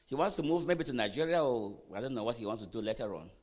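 A man preaching a sermon, quizzing the congregation with questions and swinging from quiet asides to loud emphatic bursts. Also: mid-range voice, fast, breathy edge. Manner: animated preaching, call-and-response questions to the congregation. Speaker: pastor.

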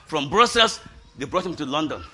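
Speaking at a moderate pace, the middle-aged man leads a spirited testimony sermon as a pastor. Laughter fills the gaps between lines, and he raises his voice to a shout at the peaks.

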